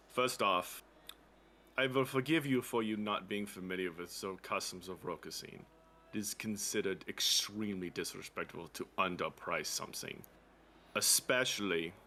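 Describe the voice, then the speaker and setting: A man's voice: sits low, pushed and bright, slight background noise. A man playing a tabletop game, speaking earnestly and formally in character. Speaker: player. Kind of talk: tabletop role-play.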